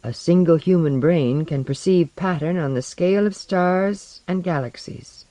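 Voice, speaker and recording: A narrator voicing Tomiko, a steady woman coordinator, speaking quietly and firmly in an audiobook. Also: fairly low pitch, unhurried, no echo, natural voice. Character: calm, firm woman team coordinator.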